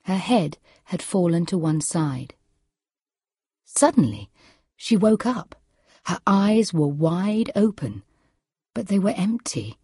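Low, husky woman reading a story. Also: big pitch swings, takes it slowly, pauses often, mellow, dry recording, studio quality. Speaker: narrator.

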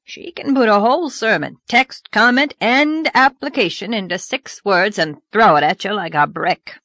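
A woman's voice: on the low side, animated, unhurried, a bit bright, no room sound, studio quality. A woman voicing a blunt, outspoken older farmer in an audiobook, growling and grumbling. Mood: irritable. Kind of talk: audiobook character voice.

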